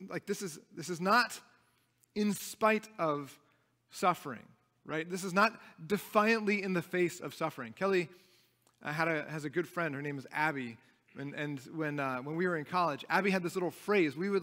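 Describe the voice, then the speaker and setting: His voice sits high with a sharp tone as he preaches in a church sanctuary. The young adult pastor is earnest and emphatic, often restarting phrases, all ringing in the hall's long reverb.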